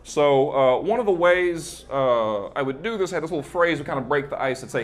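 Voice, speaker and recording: A man's voice: on the high side, expressive, brisk, hardly any pauses. A young man performing a stand-up set on a club stage into a handheld mic, chatty and working the crowd with frequent "right?". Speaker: stand-up comedian.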